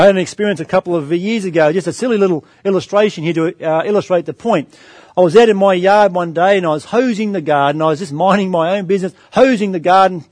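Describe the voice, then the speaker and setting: A man's voice: high-pitched, dry recording. A middle-aged man preaching a sermon, calling his listeners friends and asking them rhetorical questions. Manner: storytelling anecdote with varied pace.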